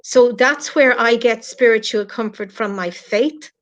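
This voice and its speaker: This middle-aged Irish woman has a slightly high voice and a measured pace. She's a guest on a live stream, talking earnestly and from the heart in an emotional chat and speaking directly to her critics. The audio is lo-fi online stream sound.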